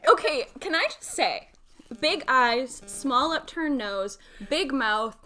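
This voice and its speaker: A woman co-hosting a podcast in casual chat, giggly and quick with sarcastic asides. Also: sits high, lively intonation, pushed and bright, soft background music. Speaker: podcast co-host.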